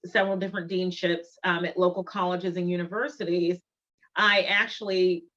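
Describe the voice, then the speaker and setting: A woman's voice: medium pitch, fairly bright tone. Woman, middle-aged, motivational speaker, emphatic, repetitive phrasing, muffled lo-fi sound. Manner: emphatic, deliberate, repeats key phrases. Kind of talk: motivational presentation. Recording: dull lo-fi recording.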